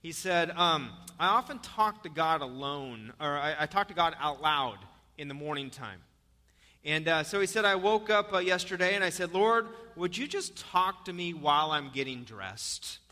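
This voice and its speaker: A man preaching with a high, very bright and sharp voice that rings out through a long church-hall reverb. He jumps into animated storytelling, then drops into soft, earnest appeals to his congregation. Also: normal speed. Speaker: pastor. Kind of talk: sermon.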